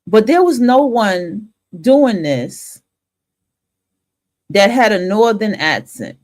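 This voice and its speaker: Резкая женщина с севера США ведёт монолог на стриме: говорит прямо, с матом и повторами, голос среднего тона. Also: female voice, mid-range voice, very animated, slow pace, a little mellow. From northern United States. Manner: blunt, profane and emphatic, with frequent restarts. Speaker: host of a talk stream. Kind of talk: opinion monologue.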